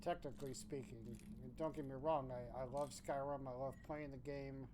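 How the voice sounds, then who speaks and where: A man streaming a game, reading chat aloud in a laid-back, drawn-out way, thinking aloud with restarts. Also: mid-range voice, fairly even intonation, background noise.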